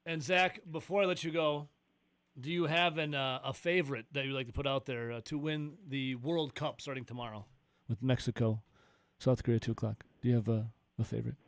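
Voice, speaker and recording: A man's voice: mid-range voice, steady tone, no room sound. A man hosting a morning radio show, joking and chatting casually with his co-hosts. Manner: jokey, quick to laugh.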